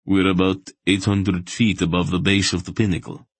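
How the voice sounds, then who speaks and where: A man's voice: sits low, level tone, moderate pace, breathy edge, dry recording. A man playing a plain, matter-of-fact underground guide.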